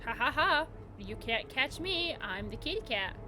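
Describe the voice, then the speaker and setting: A woman's voice: sits high, sing-song, normal speed, music in the background. A woman voicing a small, willful runaway house cat, proud and taunting as it declares its escape.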